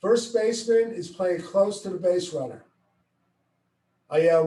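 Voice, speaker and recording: A middle-aged man explains a baseball play step by step, acting out what he calls to his players. His voice sits slightly high. He stands away from the mic, and the room echoes around him. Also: moderate pace, long pauses, distant mic. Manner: explains plays step by step, acts out yelling at players. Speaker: baseball coach. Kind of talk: coaching instruction.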